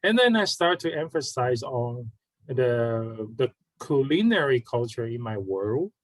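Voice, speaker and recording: Taiwanese man, interview guest, halting, restarts, dry close sound, mid pitch. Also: very animated, dry recording, poor audio. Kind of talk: casual conversation.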